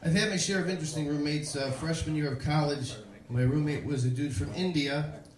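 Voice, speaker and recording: A man's voice: on the high side, brisk. Young man doing stand-up in an echoey club. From Chicago, USA. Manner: deadpan storytelling with punchlines. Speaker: stand-up comedian. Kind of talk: stand-up comedy set. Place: comedy club stage. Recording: echoey live club room.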